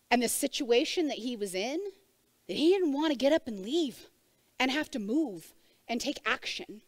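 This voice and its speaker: Woman preacher, high voice, dry close sound, chatty sermon style that asks the room questions. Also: a bit bright, dry recording. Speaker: church speaker. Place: church service before a congregation.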